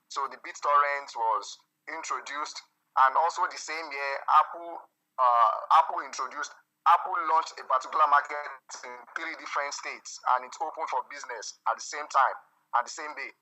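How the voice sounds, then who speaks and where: Male student, very bright edge, steady recited delivery over an online call. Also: on the high side, moderate pace, poor audio. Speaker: student presenter. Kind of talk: reading a class presentation.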